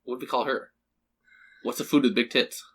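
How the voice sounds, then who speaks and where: A man's voice: medium pitch, fairly even intonation, a little fast, a bit bright, husky. A young man co-hosting a podcast, trading dry joking quips in a casual chat. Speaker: podcast co-host.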